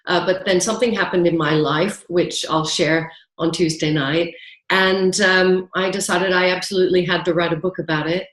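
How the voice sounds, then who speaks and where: A woman's voice: lowish voice, fairly even intonation, normal speed, a bit bright, roomy sound, rough recording. A woman from New York who has lived long in the UK, talking in a chatty way as an interview guest on a video call. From New York, raised partly in the US and then the UK. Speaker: interview guest, author and coach.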